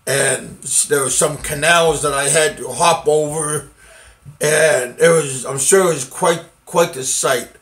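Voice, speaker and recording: A middle-aged man from the United States recounts a personal story at a slow, unhurried pace. His voice sits a little high for a man. He stops and restarts often, filling the gaps with ums and uhs. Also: fairly bright tone. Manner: halting, many fillers and restarts, occasional laughs. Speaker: vlogger telling a personal story. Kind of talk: casual first-person storytelling.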